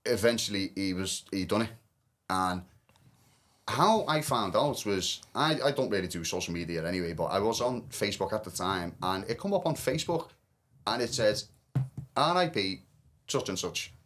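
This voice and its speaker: A man's voice: lowish voice, expressive, normal speed, a bit bright. A man telling a personal story in a candid podcast conversation, earnest and emotional, often restarting his sentences.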